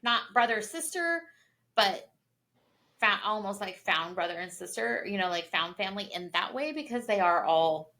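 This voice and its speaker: A woman's voice: mid-range voice, normal speed. A woman co-hosting a book review, chatting casually and gushing, with lots of "like" fillers. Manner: gushing, animated, many "like" fillers. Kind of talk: casual chat.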